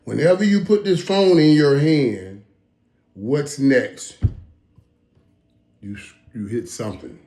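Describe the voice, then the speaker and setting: A man in his fifties hosting a casual reaction monologue, talking emphatically with stammered restarts and dropping into low mutters. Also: slow, long pauses, dark tone, faint music behind. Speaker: host. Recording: roomy echo.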